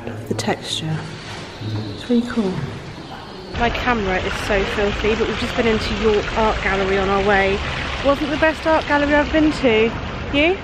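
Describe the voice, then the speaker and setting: A woman's voice: fairly high pitch, moderate pace. Chatty woman vlogging outdoors. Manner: chatty, bubbly, laughs often. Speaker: travel vlogger. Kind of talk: casual travel vlog. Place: walking outdoors in busy city streets. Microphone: handheld vlog camera. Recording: street noise behind the voice.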